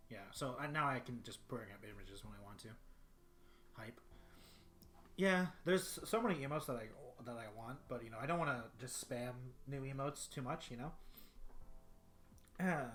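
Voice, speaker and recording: A man's voice: mid-range voice, fairly bright tone. Rambling young man streaming from his bedroom. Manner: rambling, many fillers and restarts. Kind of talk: casual solo livestream chat.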